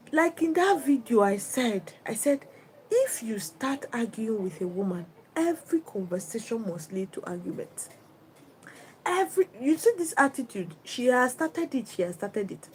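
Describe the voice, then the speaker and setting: A woman's voice: on the high side, a little mellow, slight background noise, rough recording. A woman giving relationship advice on a livestream. She talks in an emphatic, instructive way and often repeats herself.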